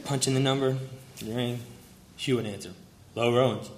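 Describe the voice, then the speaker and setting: At a memorial, a young man of medium pitch talks at a moderate pace, recalling heartfelt memories of a family friend and laughing softly along the way. Background noise is present, and the recording has the faint ambience of a roomy hall.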